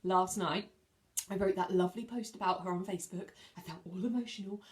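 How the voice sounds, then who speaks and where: A woman's voice: fairly low pitch, fairly even intonation, a little fast. A woman hosting a live-streamed product review, chatting with viewers in a bubbly, sing-song way and laughing often.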